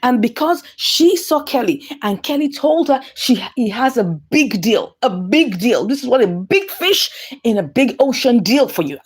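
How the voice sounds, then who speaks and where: Nigerian woman, high voice, emotive episode recapper who acts out dialogue. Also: husky. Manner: acts out the characters' lines with dramatic emotion. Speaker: recap host retelling a comedy-drama series. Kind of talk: animated episode recap and commentary.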